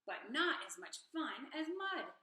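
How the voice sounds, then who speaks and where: A small, fussy storybook pig who only wants his mud, exclaiming in a high, squealing little voice, as a woman puts him on. His lines leap up and down with plenty of life. It sounds like an echoey room. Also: big pitch swings, slow pace, bright, forceful tone, heavily acted. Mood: cheerful.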